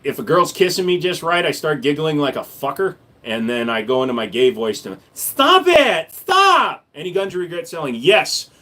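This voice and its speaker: A man hosts a casual livestream and talks in a slightly high voice. He answers viewers' comments with blunt, profane jokes. His delivery is loose and unscripted banter. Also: fairly bright tone. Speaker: livestream host reading chat.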